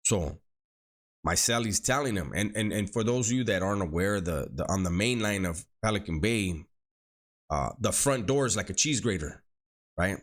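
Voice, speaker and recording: Ex-con storyteller, middle-aged man, deep voice, slangy and repetitive. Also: lively intonation, normal speed. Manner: street slang, repeats words, acts out quoted dialogue. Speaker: former prisoner telling his story. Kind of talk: casual spoken storytelling.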